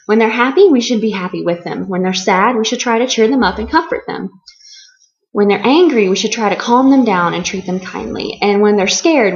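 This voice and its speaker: Young female ESL teacher, deliberate classroom delivery, slightly dull lo-fi audio. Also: medium pitch. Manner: slow and deliberate, stretching key words for learners. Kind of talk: slow, clear classroom explanation. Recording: slightly muffled lo-fi recording.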